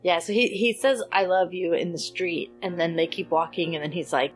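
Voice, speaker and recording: A woman's voice: fairly low pitch, moderate pace, few pauses, faint music behind. A woman co-hosting a podcast, chatting casually as she retells a film and acts out its characters' lines. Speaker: podcast co-host. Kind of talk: casual chat recapping a film.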